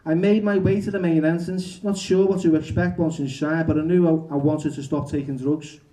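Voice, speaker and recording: An Englishman with a fairly high, warm voice speaks at a moderate pace with fairly even intonation. At a bookshop event he reads aloud from his own book and tells candid stories, frank and self-mocking, chatting along with plenty of fillers.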